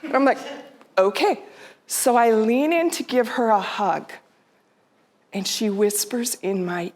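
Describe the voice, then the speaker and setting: Middle-aged woman, pitched a bit high, giving a heartfelt storytelling talk to a live audience. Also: slow pace, long pauses, darkish tone. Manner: heartfelt, quotes her own and her mother's words in her own voice. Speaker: speaker. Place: theater stage.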